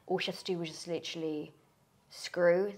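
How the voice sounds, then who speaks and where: A woman's voice: fairly low pitch, steady tone, moderate pace. A woman with a London accent co-hosting a podcast, chatty and reflective in talk. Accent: London English. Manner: chatty, reflective, says "literally" often. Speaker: podcast co-host, aesthetics trainer. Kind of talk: casual chat.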